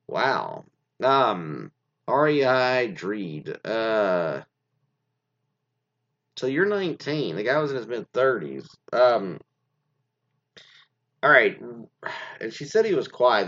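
Low-voiced male host, casual rambling chat, lots of fillers, lively pitch, dull lo-fi recording. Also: takes it slowly, pauses often. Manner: rambling, many fillers and restarts. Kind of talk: casual commentary on reader stories. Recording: dull lo-fi sound.

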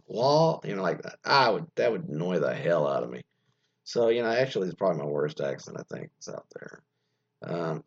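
Rambling male radio host, gravelly voice. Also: fairly low pitch. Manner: rambling, loses his thread, lots of fillers and asides; mocking, profane asides. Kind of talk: casual solo radio talk, reading an article aloud. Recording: dull lo-fi sound.

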